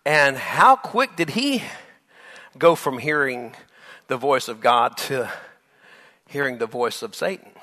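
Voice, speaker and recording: A man's voice: mid-range voice, slow pace, long pauses. A male pastor preaching a sermon, acting out Bible scenes with laughter and asides to the congregation. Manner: animated, acts out Bible dialogue with laughs.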